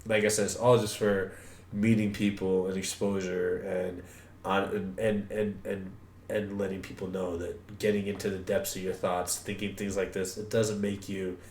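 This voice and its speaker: A man co-hosting a casual podcast chat, rambling and swearing freely with bursts of excitement. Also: deep voice, normal speed, a little hiss or hum. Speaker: podcast co-host. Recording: roomy echo.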